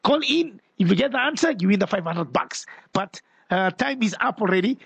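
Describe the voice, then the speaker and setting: Animated South African man hosting radio. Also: sits high, brisk, vocal fry, slightly rough, no echo. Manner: animated, exclaiming and reading out listener messages. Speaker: radio show host. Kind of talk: radio call-in show hosting.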